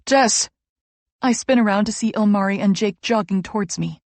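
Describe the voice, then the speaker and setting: A woman's voice: medium pitch, fairly quick, a little mellow, dry recording. A woman reading a romance audiobook in an earnest, emotional first-person voice. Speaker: audiobook narrator.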